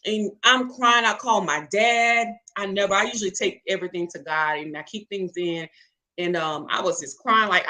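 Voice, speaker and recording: Bright, emphatic woman. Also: medium pitch, fairly even intonation, moderate pace, rough recording. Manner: emphatic, preacherly, calls out to listeners. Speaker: interview guest, catering business owner. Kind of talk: testimony-style storytelling.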